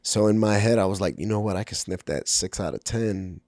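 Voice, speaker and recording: A man's voice: on the low side, fairly quick, darkish tone, no echo, clean studio sound. A middle-aged man from Brooklyn, a podcast guest, telling his life story candidly with many ums and acted-out quotes. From Brooklyn, New York. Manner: candid, frequent ums, acts out quoted dialogue. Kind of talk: personal storytelling in a podcast interview.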